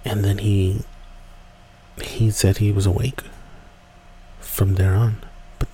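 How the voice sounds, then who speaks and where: A man casually telling a spooky woods story, rambling and dropping to hushed whispers at tense moments. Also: fairly low pitch, takes it slowly, a little hiss or hum. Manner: relaxed, rambling, drops to hushed whispers for tension. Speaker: podcast storyteller.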